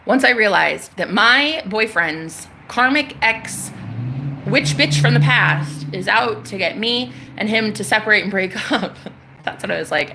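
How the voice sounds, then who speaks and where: A young woman with a mid-range, sharp voice speaks at normal speed to her followers. As a psychic vlogger giving a casual spiritual monologue, she preaches emphatically, using slang and swearing freely.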